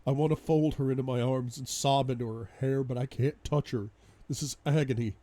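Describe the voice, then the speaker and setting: A man's voice: medium pitch, fairly even intonation, fairly quick, dark tone. A man reading a first-person audiobook in an intense, dramatic way. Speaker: audiobook reader.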